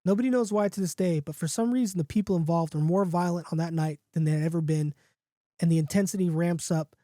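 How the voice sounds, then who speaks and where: Mellow-voiced man reading a comic horror story. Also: fairly high pitch, fast talker, no echo, studio quality. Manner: casual, jokey, with restarts and asides. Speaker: podcast host.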